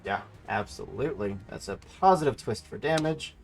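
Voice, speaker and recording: A man's voice: fairly low pitch, animated, moderate pace, vocal fry, faint music behind. Man running a tabletop game. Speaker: game master.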